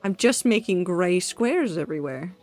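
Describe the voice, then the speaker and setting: A woman streaming herself building in a game, thinking aloud, talking to herself and her chat, quickly excited and dramatic. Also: on the low side, faint music behind. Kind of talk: casual live-stream commentary while building in a game.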